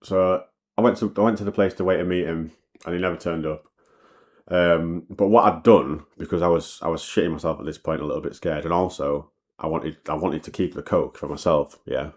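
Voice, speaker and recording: Speaking quickly and knowing it, a man with a low-sitting voice and fairly even intonation delivers a casual storytime monologue. His personal tale rambles, swears, restarts and repeats.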